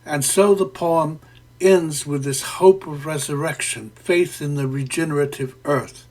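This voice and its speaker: A man talks through a poem line by line like a lecturer, in a somewhat high voice. He goes slowly and carefully, with plenty of "uh" pauses while he finds the right term. It has the measured feel of a prepared literature lesson. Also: fairly even intonation, darkish tone. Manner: deliberate and professorial, with frequent "uh" fillers and self-corrections. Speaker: poetry lecturer. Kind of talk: spoken literary analysis.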